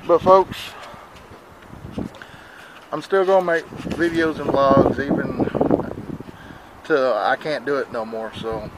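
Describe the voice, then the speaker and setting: A worried Southern American man in his 40s rambles plainly on a handheld camera outdoors in the wind, out of breath and stuffy-nosed in his casual vlog. His medium-pitched speech is slow with long pauses, and the recording is very noisy.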